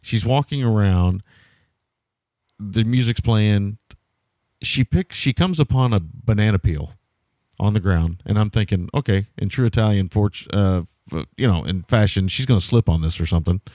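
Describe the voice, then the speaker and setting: A man co-hosting a podcast, retelling a movie scene in a rambling, animated way. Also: fairly low pitch, moderate pace, no echo. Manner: rambling, animated storytelling with swearing. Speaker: podcast co-host. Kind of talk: casual movie review chat.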